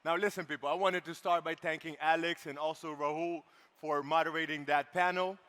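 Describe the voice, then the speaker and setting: A man's voice: a little high, a little fast, smooth. A man hosting a live conference stage, joking with the crowd and leading a clapping game. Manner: energetic, playful crowd banter. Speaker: event host. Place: large conference hall. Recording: long hall reverb.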